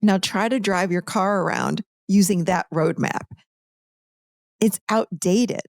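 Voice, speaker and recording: Animated woman telling stories. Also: mid-range voice, slow, dry recording, clean studio sound. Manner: animated, lively storytelling. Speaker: podcast guest, author. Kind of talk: conversational teaching.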